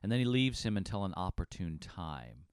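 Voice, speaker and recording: A man co-hosting a Bible study talk, explaining scripture with frequent restarts. His voice is very low. It is recorded dry and close to the mic. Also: very animated, normal speed, smooth, dry recording. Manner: explanatory, repeats words while thinking. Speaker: pastor co-host.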